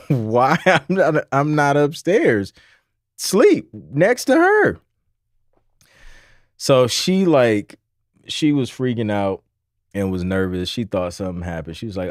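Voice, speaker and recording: A man's voice: lowish voice, no echo. Dry-voiced man telling a rambling story. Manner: rambling, laughs between phrases, repeats himself. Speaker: livestream host. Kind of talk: casual storytelling chat.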